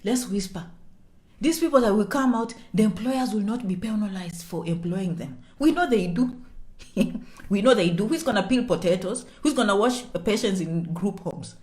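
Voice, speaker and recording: A woman's voice: mid-range voice, normal speed. A woman explaining immigration news to her viewers in a casual way. She keeps asking "okay?" and drops into half-whispers for sensitive points. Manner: checks in with "okay?" constantly; animated, swings between loud and soft. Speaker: immigration vlogger.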